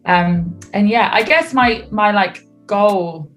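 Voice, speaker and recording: A young British woman, a singer being interviewed on radio, talking in a relaxed, chatty way and laughing easily. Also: mid-range voice, slow. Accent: British English. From United Kingdom. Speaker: singer guest. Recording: faint music behind.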